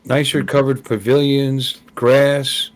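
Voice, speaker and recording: A man's voice: medium pitch, level tone, takes it slowly. Chatty man hosting a live stream. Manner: chatty, greets viewers, repeats himself when thinking. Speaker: host of a live hangout show. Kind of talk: casual live-stream chat. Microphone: live stream call.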